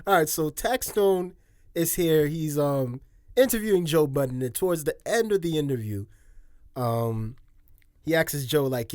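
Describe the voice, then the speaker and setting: A man's voice: a little high, lively intonation, measured pace, darkish tone, no room sound, clean studio sound. A man giving casual video commentary, chatty, laughing often, with slangy asides.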